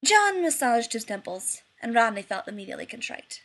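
A woman's voice: fairly high pitch, very animated, brisk, a bit bright. A woman narrating a story expressively in an audiobook reading.

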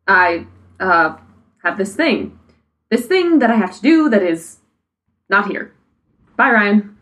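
A woman's voice: medium pitch, sing-song, slow pace, a bit bright. A woman reading a story aloud, voicing an affectionate, easygoing young man. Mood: awkward.

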